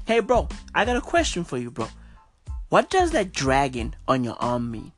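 A woman's voice: low voice, huge pitch swings, moderate pace, music in the background. A woman hosting a podcast, delivering an incredulous, profane comic rant and repeating "bro" constantly. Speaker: podcast host.

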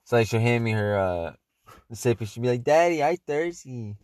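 A man in a casual chat who talks in a relaxed, easygoing way, heavy on "like" and "you know". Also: fairly low pitch, fairly quick, no room sound.

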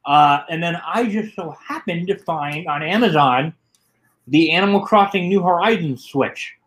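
A man chatting casually, telling a story with quick asides. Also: a little high, a bit bright, rough recording. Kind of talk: casual podcast chat.

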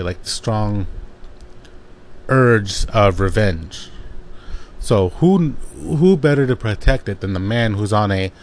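A man's voice: fairly low pitch, slight background noise. A man casually recapping a comic book plot, rambling with lots of fillers and restarts.

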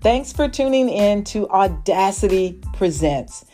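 A woman hosting a faith-based podcast, speaking in a slow, emphatic, conversational way. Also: mid-range voice, lively intonation, dark tone, soft background music. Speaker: podcast host.

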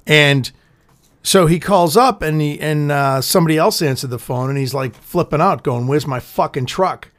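A man's voice: a little high, normal speed. Profane man telling a story. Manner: profane, animated storyteller acting out quotes. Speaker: podcast co-host. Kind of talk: casual storytelling chat.

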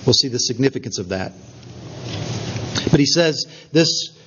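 A man's voice: on the high side, muffled recording. A man preaching a sermon, telling the story earnestly and stressing key words. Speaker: pastor.

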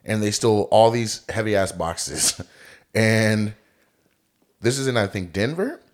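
A man with a fairly low voice co-hosting a casual podcast. He tells stories in an animated, joking way and swears freely. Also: unhurried. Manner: animated, joking, profane storytelling. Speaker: podcast co-host.

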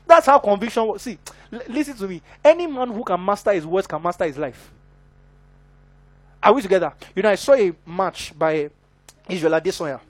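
High-voiced preacher, emphatic. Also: male voice, no echo. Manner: emphatic, keeps checking in with the congregation. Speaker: minister. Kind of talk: sermon.

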